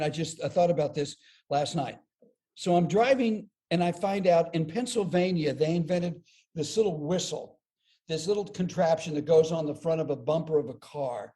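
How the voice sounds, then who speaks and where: A man who is a comedian, talking on a podcast interview and telling stories with lots of energy, often repeating words as he builds up a joke. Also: fairly high pitch. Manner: animated storyteller, repeats words as he builds jokes. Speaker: comedian guest.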